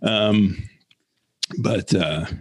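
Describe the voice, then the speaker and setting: A man co-hosting a casual chat, rambling and halting, laughing often and mimicking voices in his stories. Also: lowish voice, husky. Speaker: podcast co-host.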